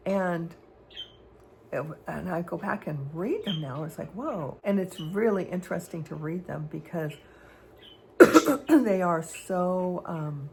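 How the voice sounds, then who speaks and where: Woman vlogger, creaky low register, hesitant and meandering, personal stories. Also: slow, background noise. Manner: rambling, hesitant, with many fillers and restarts. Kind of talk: candid personal storytelling.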